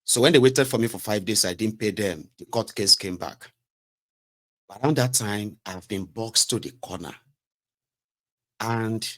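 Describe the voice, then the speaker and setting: A man's voice: low voice, a bit bright. A man with a Nigerian accent giving casual political commentary in a rambling, mocking way, slipping between English and pidgin. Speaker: commentary host.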